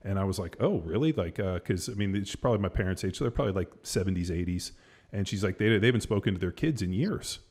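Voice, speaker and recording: A man's voice: sits low, lively intonation, fast, a little mellow, husky. A man hosting a podcast, telling a story in a loose, rambling way, full of fillers and casual swearing. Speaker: podcast host. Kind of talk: casual chat.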